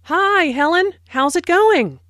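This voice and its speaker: Woman doing a cheery young gal saying hi in a language lesson dialogue, high and bouncy, slow. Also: big pitch swings, no echo, studio quality, exaggerated voice. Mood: friendly. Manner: bright, friendly, sing-song intonation.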